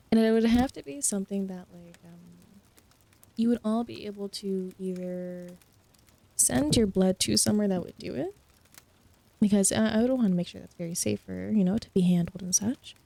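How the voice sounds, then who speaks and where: A young woman in whispered role-play with a low-key, gravelly edge and a dark, mellow tone. She speaks softly and teasingly, slipping into mock-sinister playfulness between giggles. She is recorded close on a dry desk mic. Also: no echo. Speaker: streamer.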